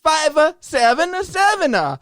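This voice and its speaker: A man reading an ad in an exaggerated put-on Italian accent, halting with many fillers. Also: very high voice, sing-song, a bit bright, dry recording, studio quality, pitched above the performer's own voice, full character voice. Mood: hammy. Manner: hesitant, many "uh" fillers, hand-gesturing. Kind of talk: comic ad read.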